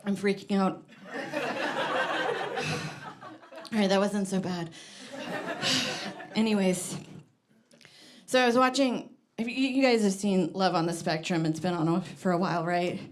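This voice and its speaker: A woman with a medium-pitched voice delivers a stand-up comedy set at a moderate pace, pausing often. Conversational and a bit breathless, she uses many "like" fillers and chuckles at her own jokes, with the live comedy club audience's laughter audible.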